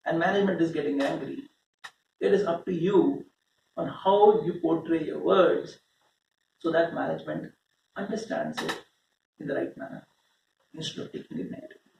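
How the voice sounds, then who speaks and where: A man's voice: sits high, creaky, darkish tone. A man with an Indian accent telling a story to his team in a conversational, motivational session. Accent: Indian English. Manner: conversational, checks in with listeners. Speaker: motivational speaker. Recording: roomy sound from far off, faint hum.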